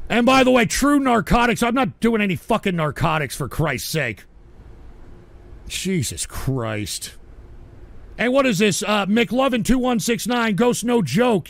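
Older man, high gravelly voice, profane shouting rant, dry close sound. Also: dry recording. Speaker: radio show host reading chat. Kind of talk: ranting live stream talk.

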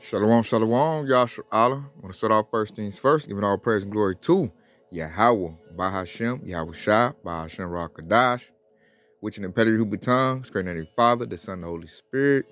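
A man's voice: lowish voice, fairly bright tone. A man preaching a sermon, mocking and drawn out as he comments on a video.

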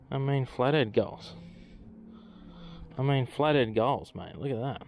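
Aussie bloke on a boat chatting away to the fish he catches, mid pitch, bit of faint outdoor noise. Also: lively intonation, unhurried, gravelly, long pauses. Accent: Australian. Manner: chatty, talks to the fish, laughs a lot. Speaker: fishing vlogger. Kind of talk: casual running commentary.

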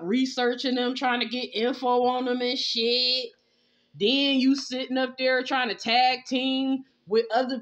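She has a high, somewhat bright voice and gives a casual spoken tarot reading that's blunt and profane. Laughter and scolding mix throughout, on slightly dull lo-fi audio.

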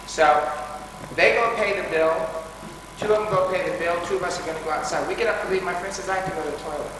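A man's voice: high voice, fairly even intonation, fast talker, background noise. A man giving a dramatic personal storytelling talk to a school assembly, recorded from far off in a large hall. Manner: dramatic, rises to pleading shouts. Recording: distant echoey hall recording.

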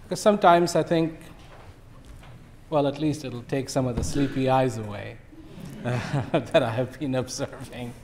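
A man in his fifties giving a speech to an audience, telling a fable in a relaxed storyteller's manner. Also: mid-range voice, measured pace, pauses often. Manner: relaxed storyteller, acts out animals. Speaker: invited speaker.

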